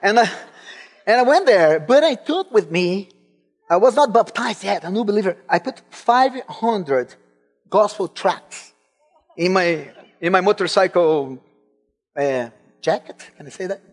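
A man's voice: sits high, animated, a little slow. A man from Brazil, not an English speaker, preaching a sermon and telling his own story with growing fervor. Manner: personal testimony, rising to fervent emphasis.

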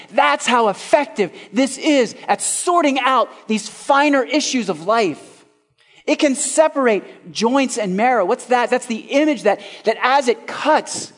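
A male pastor preaching a sermon, asking rhetorical questions and swinging between loud and hushed. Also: extremely high pitch, long reverb tail.

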